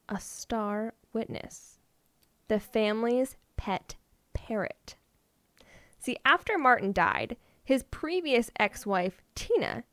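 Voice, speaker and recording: Woman, podcast storyteller, fairly high voice, playful, casual, dry recording. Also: no echo. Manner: playful, laughs often while reading stories. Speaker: podcast co-host telling stories.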